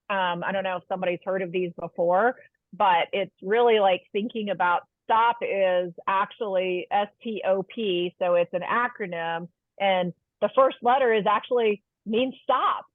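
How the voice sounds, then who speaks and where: A woman presents a webinar in a calm, explaining lecture style, often asking her listeners questions. Her voice sits at an ordinary middle pitch. It comes through a thin, phone-like line with a dry sound. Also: dry recording. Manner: warm explanatory, asks the audience questions.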